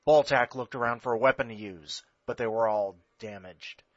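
A man hosting a podcast, reading a short story aloud with a wry, deadpan humor, in a dull lo-fi recording. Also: mid-range voice, normal speed, no room sound.

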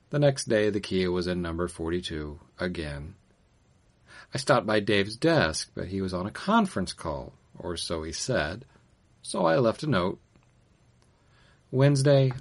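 A man reads a short story aloud with dry, deadpan timing. His voice sits very low, yet his pitch moves widely across each phrase.

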